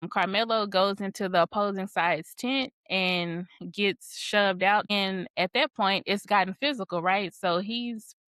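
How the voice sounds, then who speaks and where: A woman's voice: medium pitch, a little slow, hardly any pauses, a bit bright, clean tone, dry recording. A woman co-hosting a podcast who reads out a case summary and then opens it up for discussion. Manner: reads case notes then turns to chat. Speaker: podcast co-host. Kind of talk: casual discussion with read-out summary.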